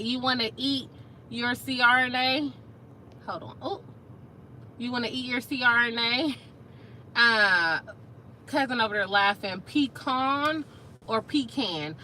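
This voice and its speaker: Woman in her thirties, higher voice, bright and forceful, animated casual host reading her chat. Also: a little hiss or hum, poor audio. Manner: animated, playful, slangy, reads comments aloud. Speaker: live stream host reading viewer comments.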